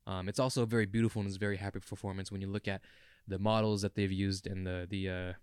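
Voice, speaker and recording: Young guy rambling earnestly on a podcast, kinda low voice, dry close sound. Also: flat delivery, quick pace, darkish tone, clean tone, no room sound. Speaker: podcast co-host. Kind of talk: casual chat.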